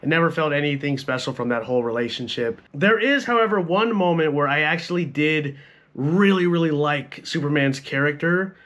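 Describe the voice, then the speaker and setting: A man's voice: a little high, moderate pace, a bit bright. A young man giving a casual, profane film review, talking bluntly and filling his sentences with "like" and "bro.". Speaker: movie reviewer.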